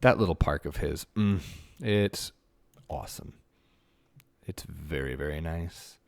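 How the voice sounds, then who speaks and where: A man's voice: a bass voice, unhurried, gravelly. A man streaming a building game, chatting casually with viewers and muttering to himself in a self-mocking way. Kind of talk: casual livestream chat while building.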